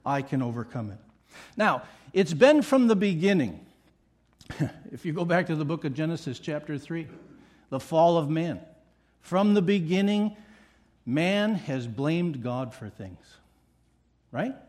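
A man's voice: fairly high pitch, animated, a little slow, pauses often, darkish tone. A middle-aged male pastor preaching a sermon with emphatic repetition and playful asides.

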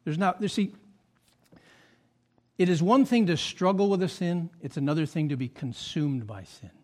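A man delivering a sermon as pastor, with a fairly high voice for a man. He tells stories animatedly, acting out quotes, and grows soft and low for confessional moments. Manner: animated storytelling with acted quotes and asides.

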